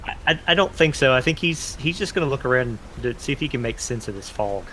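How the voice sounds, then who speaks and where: A man's voice: mid-range voice, lively intonation, fast, bright, forceful tone, a little hiss or hum, poor audio. A man talking as a player in a tabletop game, hesitant and stammering. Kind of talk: tabletop role-play talk.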